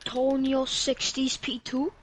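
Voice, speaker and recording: Welsh woman calmly reading out positions. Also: high-pitched, slow pace, slightly rough. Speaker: co-host reading results. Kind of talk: casual stream chat.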